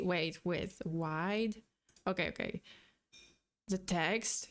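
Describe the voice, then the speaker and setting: A young woman streaming a reaction video, reading and thinking aloud in a giggly, excitable way. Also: medium pitch, a little slow. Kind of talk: casual reaction commentary.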